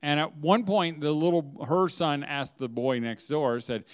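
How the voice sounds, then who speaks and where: A man speaking to a room of mothers, telling humorous stories with lots of laughter and big swings in loudness. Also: a little high, a little slow, smooth. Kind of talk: humorous talk to a live audience. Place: room with an audience.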